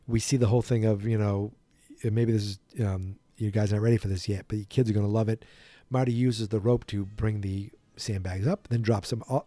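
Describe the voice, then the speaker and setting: Man, podcast host, rambling casual retelling, mellow voice, dry close sound. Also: medium pitch, dry recording. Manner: rambling, full of restarts and impressions. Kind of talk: casual movie retelling from memory.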